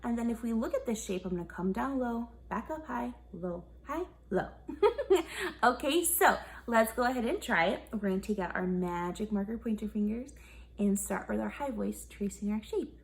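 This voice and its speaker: A woman's voice: a little high, lively intonation, moderate pace, creaky. Upbeat young woman teaching kids music. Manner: upbeat, encouraging, asks kids questions. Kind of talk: online kids' music lesson.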